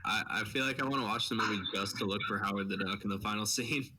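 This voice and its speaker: A man's voice: on the low side, fast talker, pushed and bright, recorded from a distance, low-quality recording. A young man co-hosting a podcast, chatting enthusiastically and laughing often. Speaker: podcast co-host. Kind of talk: casual chat.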